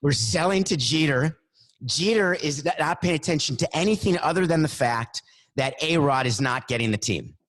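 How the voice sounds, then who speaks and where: A middle-aged man on a sports talk show, telling an animated anecdote and acting out the phone calls in it. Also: a little high, normal speed, slight background noise. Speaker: guest storyteller.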